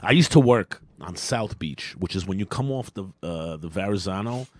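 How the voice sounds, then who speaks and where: A male comedian co-hosting a podcast, swinging his pitch up and down as he spins crude, profane anecdotes in loose banter. His voice is close and dry, with no room sound around it. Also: animated, normal speed, no echo. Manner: profane storyteller, puts on shouty tough-guy voices in anecdotes.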